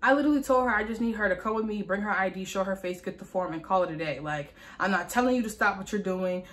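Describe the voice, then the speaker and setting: A young adult woman telling a candid storytime in a vlog, venting with lots of fillers and swearing. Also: mid-range voice. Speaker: vlogger.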